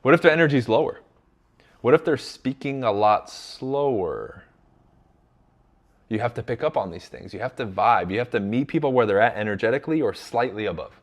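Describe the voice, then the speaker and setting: A man coaching sales in a blunt, emphatic way. He talks straight at his listeners, calls them "you guys," and drops a casual curse now and then. His voice sits at an average pitch. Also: animated, moderate pace. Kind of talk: direct motivational instruction.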